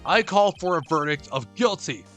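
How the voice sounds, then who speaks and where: A man voicing a cold, confident male prosecutor in a video game, slow and measured. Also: fairly high pitch, lively intonation, fairly bright tone, soft background music. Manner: measured, haughty.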